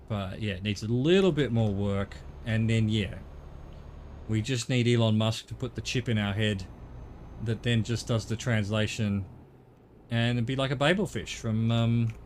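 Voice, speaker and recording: A man's voice: lowish voice, normal speed, pauses often, darkish tone, a little hiss or hum. A middle-aged man with an Australian accent chatting casually on a gaming stream, rambling and swearing now and then.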